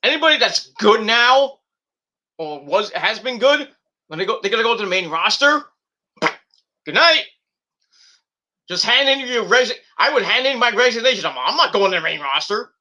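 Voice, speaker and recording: A young man hosting a wrestling review channel, ranting hotly and swearing as he goes. His voice sits high and rings very bright and edgy. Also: lively intonation, normal speed, long pauses. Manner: profane, heated ranting.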